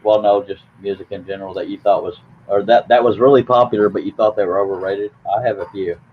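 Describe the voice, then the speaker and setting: A man with a fairly low voice hosts a late-night chat, rambling and teasing. His voice comes through a thin, phone-like line. A faint hiss sits under his speech. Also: fairly even intonation, fast talker. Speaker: live stream host.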